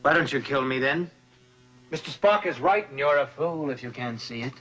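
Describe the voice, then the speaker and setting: A defiant starship officer speaks coldly in a crisp, bright tone. It is old 1960s TV drama acting. The dull audio carries faint music underneath. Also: male voice, medium pitch, moderate pace. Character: male starship officer turning menacing.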